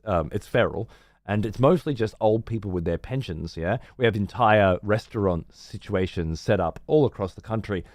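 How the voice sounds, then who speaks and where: A man's voice: on the low side, darkish tone, dry recording. An Australian man streaming live, ranting in a rambling, profane and sarcastic way. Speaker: livestreamer. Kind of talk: casual livestream rant.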